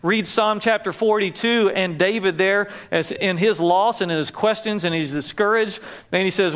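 A man's voice: sits high, normal speed, fairly bright tone. A middle-aged man, a grief counselor, preaching a sermon to a live audience in a conversational way, asking them questions and joking lightly.

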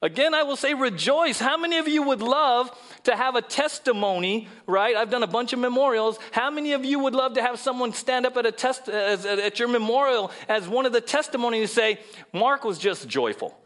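A middle-aged male pastor preaching a sermon in a church, animated, acting out voices and dropping into soft asides. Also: extremely high pitch, a little fast, few pauses. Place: church sanctuary.

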